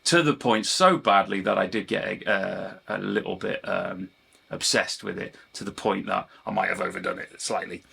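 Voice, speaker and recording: Deep, breathy at the edges and marked by vocal fry, his sharp voice moves at a normal speed. The British guitar teacher and channel host rambles casually to camera, digressing, putting himself down, and frequently saying sorry for rambling.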